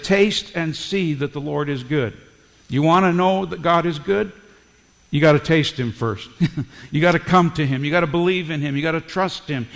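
A man preaching a sermon as pastor, emphatic, with rising bursts of volume. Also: mid-range voice. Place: church sanctuary. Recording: long hall reverb.

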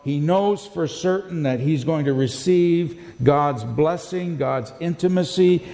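A male pastor preaching a sermon in a deliberate, emphatic way, posing rhetorical questions to his congregation. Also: on the high side, gravelly, mellow. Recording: long hall reverb.

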